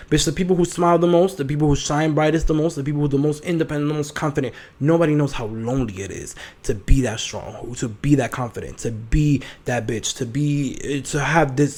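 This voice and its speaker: A 21-year-old man hosts his own podcast in an animated solo monologue that's sassy, profane, and full of fillers. His voice is a little high.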